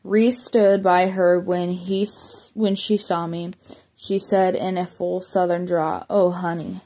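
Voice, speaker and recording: A woman's voice: lowish voice, little pitch movement, takes it slowly, warm tone. A woman reading a memoir aloud as an audiobook, plainly, with small slips and self-corrections. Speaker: audiobook reader.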